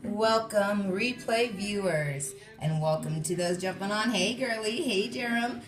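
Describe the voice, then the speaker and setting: A woman's voice: mid-range voice, a little slow, faint music behind. A young woman hosting a live stream from home, bubbly and playful, greeting viewers by name. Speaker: live show host.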